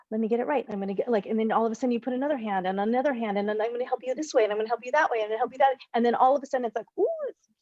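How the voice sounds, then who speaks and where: A woman's voice: fairly high pitch, rapid-fire, no room sound. A woman coach leads a group session over a video call, talking through ideas in loose, rambling bursts and correcting herself mid-sentence. The audio is a little dull and dry, with no room sound. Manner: rambling, self-correcting, animated explanations. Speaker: relationship coach.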